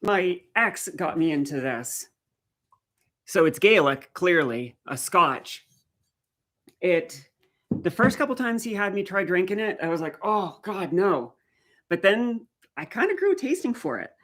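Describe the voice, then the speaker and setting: A woman's voice: on the low side, very animated, measured pace, fairly bright tone. A middle-aged woman from the Canadian Maritimes with a faint Maritime accent, chatting casually on a live stream and answering viewer comments as she goes.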